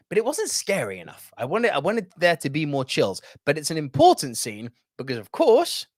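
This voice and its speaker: A man's voice: on the high side, huge pitch swings, moderate pace, no echo, clean studio sound. A man hosting a casual movie review video, chatty and reading out viewer comments.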